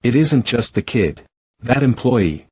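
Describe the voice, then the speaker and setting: A man giving a first-person story recap narration in a steady, even reading. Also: mid-range voice, a little slow, breathy edge, no room sound.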